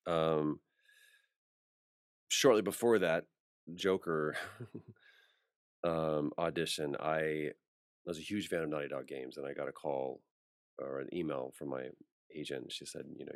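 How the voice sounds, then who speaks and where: Male voice actor, deep and dry-miked, a relaxed interview guest who brings his anecdotes to life. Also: unhurried, creaky, long pauses, no echo. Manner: animated storyteller acting out quoted voices. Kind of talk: casual interview storytelling.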